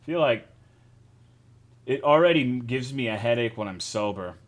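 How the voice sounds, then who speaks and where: A man's voice: medium pitch, expressive, moderate pace. Male live-streamer, profane joking chat with viewers, mid-range voice.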